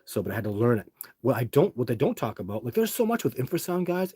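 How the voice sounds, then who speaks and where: A middle-aged livestream host spins long, meandering stories for his live chat, full of false starts and fillers. His medium-pitched voice is dark and breathy, very animated and fast, with no room sound.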